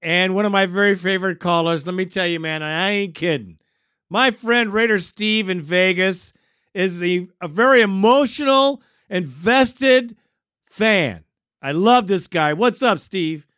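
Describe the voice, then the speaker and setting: A man's voice: high-pitched, a little slow, a bit bright, clear, resonant tone, no echo, clean studio sound. A man hosting a sports fan call-in show, laid-back and chummy, calling callers bro and man. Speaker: radio show host.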